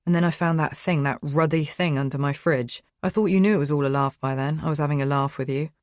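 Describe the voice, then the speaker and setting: A man's voice: fairly high pitch, fast talker, dry recording, close to an everyday voice. A woman voicing a flustered man, swearing at first and then coaxing, in a dry close recording. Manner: swearing, agitated then soothing.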